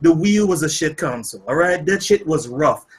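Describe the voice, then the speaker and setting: A man with a fairly high, husky voice hosts a casual gaming podcast. He talks emphatically, drops profanity freely and keeps repeating words to drive a point home. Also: animated, a little fast, rough recording. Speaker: podcast host.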